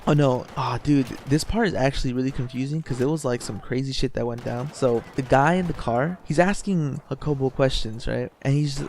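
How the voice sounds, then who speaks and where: A man's voice: mid-range voice, brisk, few pauses, darkish tone, slight background noise. Rambling, profane young man telling a story. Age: young adult. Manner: rambling and profane, full of "you know" and "like", laughing as he tells. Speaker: YouTuber. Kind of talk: casual storytime vlog.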